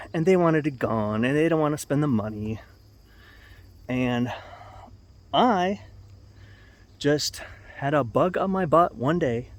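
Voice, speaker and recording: A middle-aged man with a mid-range voice tells a story to the camera in an easygoing vlog. He rambles, restarts his sentences and chuckles along the way. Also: medium pitch. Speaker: vlogger.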